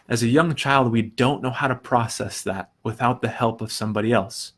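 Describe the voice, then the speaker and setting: A young adult man hosting a recovery talk, explaining ideas earnestly in a casual teaching way, often restarting and softly acting out quoted thoughts. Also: mid-range voice, steady tone, a little fast, hardly any pauses. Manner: earnest, thinks aloud with restarts and soft quoted asides. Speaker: recovery podcast host.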